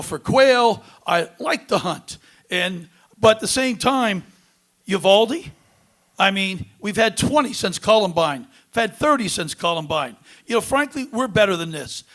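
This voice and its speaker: A male congressional candidate speaks in a debate with a notably high voice. He is earnest and emphatic, leaning on fillers as he builds his points. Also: fairly bright tone. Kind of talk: debate answers.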